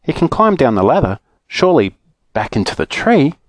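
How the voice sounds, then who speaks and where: A man's voice: medium pitch, big pitch swings, moderate pace, dry recording, voice pushed up. Aussie man as an anxious storybook girl, puzzled questions, dry close mic. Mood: alarmed. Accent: Australian.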